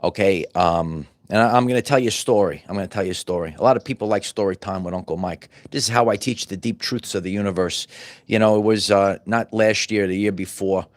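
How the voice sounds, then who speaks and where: A man's voice: lowish voice, brisk. A middle-aged man hosting his own channel, preaching in a loose, repetitive monologue full of stumbles and restarts. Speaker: channel host. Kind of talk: off-the-cuff motivational monologue.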